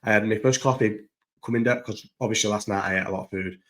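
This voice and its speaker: A man's voice: fairly low pitch, steady tone, quick pace, a bit bright. A young man talking loosely at home in a casual vlog, swearing often and restarting his sentences. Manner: swears casually, many restarts and trailing thoughts. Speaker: vlogger. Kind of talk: casual rambling vlog chat. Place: at home, indoors. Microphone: own recording setup, maybe not through the microphone.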